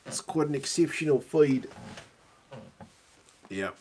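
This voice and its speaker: A man's voice: a little high, expressive, a little slow, a little hiss or hum. A man with a New Zealand accent, chatting casually on a live stream as he watches a rugby match and answers viewers. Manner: chatty, reads viewer comments aloud, says bro.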